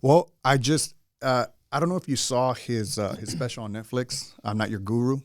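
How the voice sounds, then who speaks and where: A man's voice: mid-range voice, normal speed, no room sound, studio quality. A man, a guest in a casual interview, talking earnestly in a rambling way with frequent restarts. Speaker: guest, general contractor.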